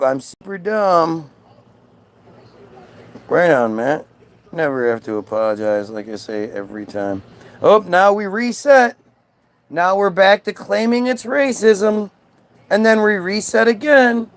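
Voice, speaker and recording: Sneering man with a gravelly voice. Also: sits high, expressive, a little slow. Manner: sarcastic, mocking, profane. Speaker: streamer. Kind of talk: heated live-stream rant.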